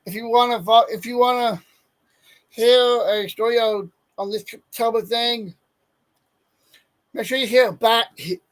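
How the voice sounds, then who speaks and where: A man's voice: high voice, rough recording. A man hosting a casual sports talk show, reading off a list of names and often stumbling and correcting himself. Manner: stumbles over player names, self-correcting. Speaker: sports podcast host.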